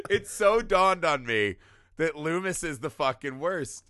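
A man in casual chat, an animated, profane storyteller who often laughs. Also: on the high side, a little slow, no echo.

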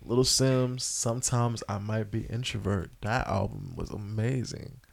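A man from North Carolina co-hosting a podcast, excitable and full of slang and "you know" fillers. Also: fairly low pitch, measured pace, vocal fry. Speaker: podcast co-host. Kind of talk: casual chat.

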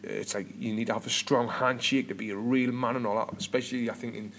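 A man's voice: mid-range voice, steady tone, quick pace, a bit bright, slight background noise. A British man in his thirties hosting a podcast, chatting casually and rambling with lots of restarts and repeated words. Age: 30s. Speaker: podcast host.

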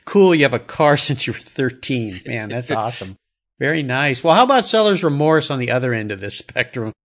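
A man's voice: mid-range voice, animated, fairly quick, fairly bright tone. A man hosting a casual interview, enthusiastic and encouraging toward his guest. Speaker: host.

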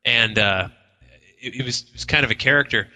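A man's voice: medium pitch, brisk, pushed and bright, big-room sound, poor audio. A man co-hosting a live paranormal radio show, telling stories with acted-out quotes and lots of restarts. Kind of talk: casual on-air chat. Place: inn function room at a live broadcast.

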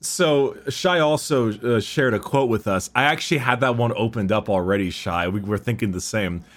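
A man in casual podcast chat about game lore, animated and profane, sometimes reading quotes with dramatic delivery. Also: lowish voice, normal speed. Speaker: podcast co-host.

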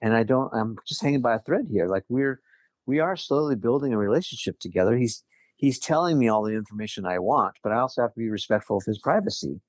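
A man's voice: medium pitch, lively intonation, fast, no room sound. A middle-aged man telling a personal story in casual conversation, earnest, often restarting his sentences. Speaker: guest.

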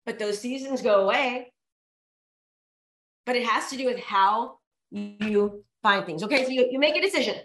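Woman, high voice, motivational speaker coaxing a live crowd, echoey room. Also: normal speed, long pauses, a bit bright. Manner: emphatic and repetitive, coaxing the audience. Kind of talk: motivational talk to a live audience.

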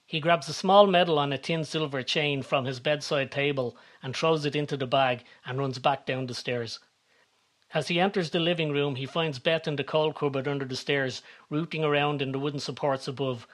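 A man giving calm, measured scripted narration. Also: a little high.

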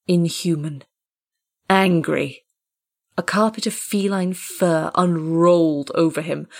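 A woman reading a short story aloud as narrator, in a measured, dramatic way. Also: on the low side.

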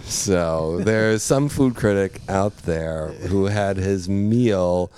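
A man's voice: deep voice, slow pace, darkish tone. A middle-aged man, once a teacher, telling stories in a casual chat and laughing often.

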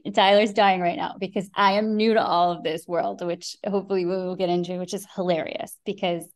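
A woman's voice: on the low side, fairly quick. Chatty middle-aged woman telling a story. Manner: lively anecdotal, acts out quotes, swears freely. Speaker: podcast guest. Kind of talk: animated storytelling.

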